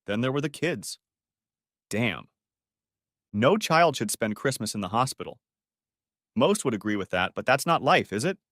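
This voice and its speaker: A man's voice: medium pitch, lively intonation, normal speed, long pauses, a bit bright, dry recording, studio quality. A man narrating a first-person story audiobook in a wry, conversational way.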